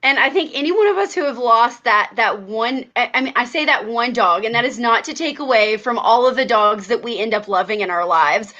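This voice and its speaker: A woman's voice: on the high side, brisk, few pauses, bright, forceful tone, highs cut off. A woman who trains dogs, a guest on a casual talk show, speaking earnestly and openly about her feelings. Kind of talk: casual chat.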